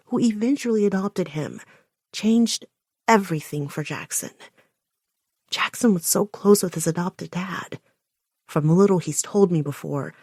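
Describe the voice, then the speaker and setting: A woman narrating a first-person romance audiobook in an intimate way, often dropping to a hushed near-whisper. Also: fairly low pitch, dry recording, clean studio sound.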